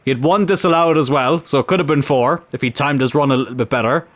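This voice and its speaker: A young man commentating on his own football video game in a chatty, animated way, swearing mildly as he plays. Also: mid-range voice, fast talker, dry recording. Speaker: gaming YouTuber.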